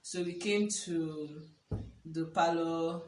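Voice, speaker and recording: A young woman telling a personal story in casual chat, animated and laughing often as she acts out what people said. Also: deep voice, takes it slowly. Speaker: vlogger. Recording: echoey room, a bit far from the mic.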